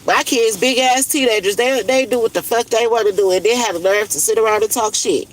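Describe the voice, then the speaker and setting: A woman's voice: fairly high pitch, brisk, rough recording. A woman vents on a casual livestream. She talks bluntly, swears often and sounds worn out with frustration. There is a faint bit of noise in the background. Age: 30s. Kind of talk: casual venting monologue.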